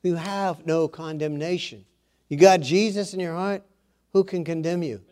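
A man's voice: a little high, steady tone, moderate pace, dark tone. A man preaching a sermon, earnest, with self-deprecating asides, rising in force when he exhorts.

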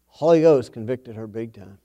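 The recording is muffled, capturing a middle-aged man whose medium-pitched, dark voice moves at a moderate pace. He tells a family story during a sermon, folksy in manner and repeating phrases for emphasis.

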